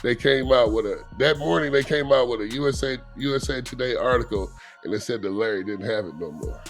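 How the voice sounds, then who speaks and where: A man with a mid-range voice recounts a story quietly and matter-of-factly. Faint music plays beneath him. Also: medium pitch, a little fast, gravelly. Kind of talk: storytelling interview.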